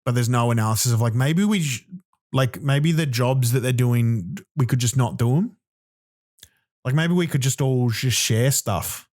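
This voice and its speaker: A man's voice: mid-range voice, normal speed, darkish tone. A young Australian man hosting a podcast, ranting in a loose comic monologue, swearing and acting out little voices as he goes. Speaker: podcast host.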